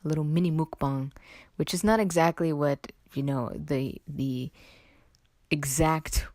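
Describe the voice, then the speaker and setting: Low-pitched chatty young woman, rambling podcast talk, bit under the weather, dry sound. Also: measured pace, a little mellow, dry recording. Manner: rambling, chatty, self-interrupting with "like" and "anyway". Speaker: podcast host. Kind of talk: casual solo podcast chat.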